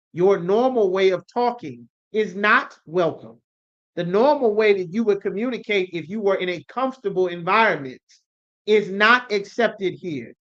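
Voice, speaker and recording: An emphatic man preaching to a scripture class, driving his points home with rhetorical questions and a steady "you understand?" The recording is somewhat dull and lo-fi, with a muffled top end. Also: high voice.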